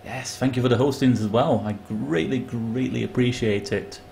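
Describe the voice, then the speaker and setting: A man live-streaming a video game, chatting excitedly and greeting viewers by name. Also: medium pitch, moderate pace, gravelly, a little hiss or hum. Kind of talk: casual live game commentary.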